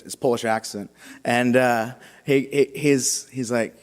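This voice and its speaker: A young man sharing his personal faith story with a congregation, halting and casual with many fillers and restarts. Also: mid-range voice, fairly even intonation. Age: young adult. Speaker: seminarian giving a vocation talk. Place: large church. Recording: long church reverb.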